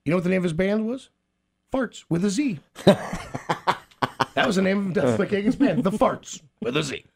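A man's voice: high voice, expressive, moderate pace, vocal fry, husky. A man chatting casually, rambling and stammering with frequent laughs. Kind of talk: casual chat.

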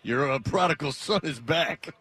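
A man's voice: a little high, expressive, normal speed, a bit bright, breathy edge. A man hosting a sports radio show from media row at a convention center, joking in a playful way. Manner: jokey, playful. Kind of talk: casual sports radio chat.

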